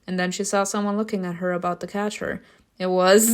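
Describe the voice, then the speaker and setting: A woman reading a story game's narration aloud, breaking off for loud, laughing reactions and casual swearing. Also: fairly low pitch, little pitch movement, fairly quick. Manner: reads narration evenly, bursts into loud laughing outbursts. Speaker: streamer reacting to a story game.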